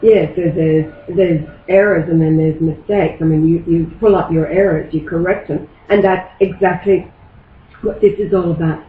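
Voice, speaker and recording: Man with a high voice giving brief, agreeable replies; tinny, phone-like sound. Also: steady tone, moderate pace, reverberant, slight background noise. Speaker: conversation partner. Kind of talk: casual conversation.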